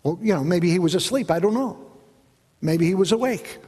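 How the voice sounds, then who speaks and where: A man's voice: sits high, lively intonation, a little fast, a little mellow, slightly rough. A man preaching a sermon, telling a story and asking the congregation questions along the way. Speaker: pastor. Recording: echoey hall.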